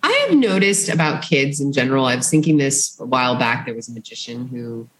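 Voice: medium pitch, lively intonation, fairly quick, fairly bright tone, low-quality recording. A co-host in a casual chat, chatty and rambling with many restarts. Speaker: podcast co-host.

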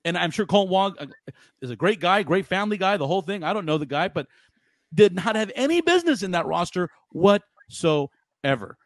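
A man's voice: high-pitched, sing-song, fairly quick, no echo, clean studio sound. A man co-hosting a sports podcast, ranting heatedly and often repeating his words. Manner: fired up, repeats words, rants loudly. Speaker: podcast co-host.

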